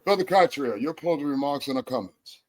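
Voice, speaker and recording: An effusive man hosting a religious talk show. He praises his callers over and over in a voice of medium pitch. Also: animated, a little fast. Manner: effusive, repeats praise phrases. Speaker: show host.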